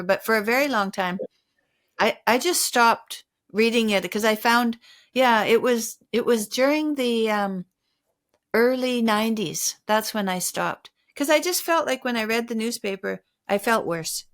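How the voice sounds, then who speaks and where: An older woman hosting a podcast interview, reflective and sharing personal stories. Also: mid-range voice. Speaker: podcast host. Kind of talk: conversational interview.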